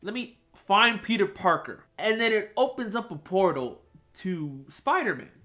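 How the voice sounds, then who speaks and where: A young man hosting a podcast, retelling a film scene in an excited, animated, casual way. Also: high voice, unhurried, soft background music. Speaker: podcast host. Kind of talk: casual chat.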